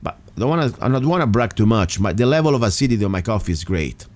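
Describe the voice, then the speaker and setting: Emphatic talk radio host, lowish voice. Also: male voice, very animated, racing. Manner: emphatic, rambling with restarts. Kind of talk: casual talk radio monologue.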